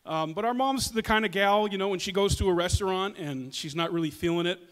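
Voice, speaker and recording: A male comedian telling family stories on stage, rambling and hesitant, often restarting his sentences. His voice is high. The sound carries the long reverb of a hall. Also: fairly quick, fairly bright tone. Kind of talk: stand-up comedy storytelling.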